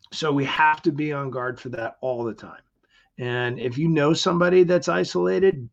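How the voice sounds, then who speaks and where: A man's voice: fairly high pitch, vocal fry, lo-fi sound. A middle-aged man with an upbeat, motivational way of talking, speaking as a guest in a conversational interview. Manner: upbeat and motivational, acts out quoted voices.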